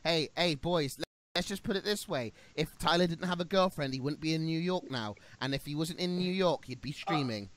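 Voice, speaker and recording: A man's voice: on the high side, fairly quick, hardly any pauses, a bit bright. A young Australian man streaming, chatting casually with crude, teasing banter and frequent laughter.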